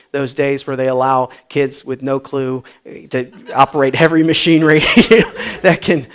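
A man preaching a sermon, telling funny stories from his school days and then pressing his point with animated, rising emphasis. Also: on the high side. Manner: animated storytelling with humor. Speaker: pastor.

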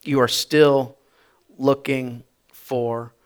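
A male pastor telling a story in a sermon, chatty and repetitive, building to loud emphatic bursts. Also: medium pitch, steady tone, very slow, clear, resonant tone.

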